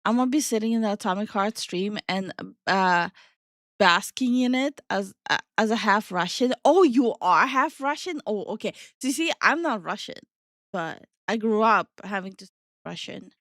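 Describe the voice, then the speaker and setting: A woman's voice: mid-range voice, expressive, moderate pace, a bit bright, no echo, clean studio sound. A young woman streaming live, chatting casually with her viewers and reading their messages aloud. She is playful, laughs often and swears offhandedly. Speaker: streamer and VTuber host.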